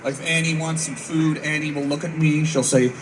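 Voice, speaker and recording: Performing comedy outdoors for troops on a military base, a thirtysomething man tells rambling stories, swears a lot, and acts out voices. He speaks briskly in a fairly high voice with fairly even intonation. The sound is distant, captured by a far-off mic with noisy open-air surroundings.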